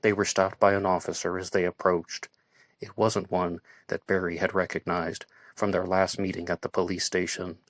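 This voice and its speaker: A man reading an audiobook in steady, measured scripted narration. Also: sits low, no room sound.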